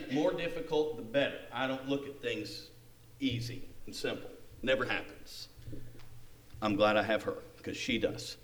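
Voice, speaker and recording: A man preaching with a high-pitched voice, animated, acting out the story and quizzing his listeners. His voice rings in an echoey room. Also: normal speed, pauses often. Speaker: pastor. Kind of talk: sermon.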